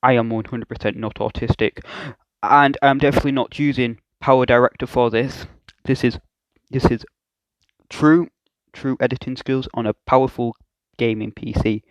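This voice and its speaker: A man's voice: medium pitch, fairly even intonation, normal speed, dry recording, highs cut off. A young man hosting a reaction video, talking in a self-mocking, hesitant way. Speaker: YouTube reaction host. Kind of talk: reaction commentary.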